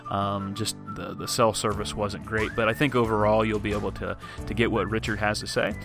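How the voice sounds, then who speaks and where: Low-voiced man telling a hunting story. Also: flat delivery, brisk, music in the background. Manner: chatty, acts out his own thoughts in quotes, frequent restarts. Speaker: podcast host. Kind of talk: casual storytelling and show intro. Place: home or office.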